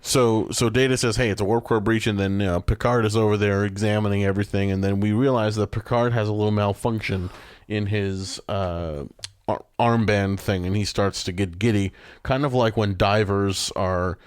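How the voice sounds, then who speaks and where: A man's voice: fairly low pitch, fairly even intonation, normal speed, clear, resonant tone, dry recording, studio quality. A man co-hosting a podcast, recapping a TV episode in casual chat, rambling with many fillers and restarts. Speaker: podcast co-host.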